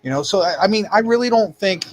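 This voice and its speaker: A man with a slightly higher, husky voice argues his points with emphasis, doubling up words as he pushes ahead. It is loose, casual sports talk on a podcast. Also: lively intonation, quick pace. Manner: emphatic, repeats words when pressing a point. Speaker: podcast co-host.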